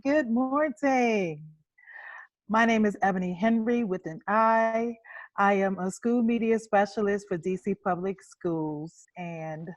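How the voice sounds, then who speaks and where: Brisk woman panelist, dry sound. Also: fairly low pitch, no echo. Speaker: panelist, school media specialist. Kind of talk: panel self-introduction.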